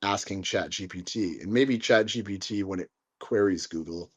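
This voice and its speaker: A young man guest on a podcast, telling stories in a lively way with lots of filler words. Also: sits low, moderate pace, husky. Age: young adult. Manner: storytelling, animated, many fillers like "like". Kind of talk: casual conversation.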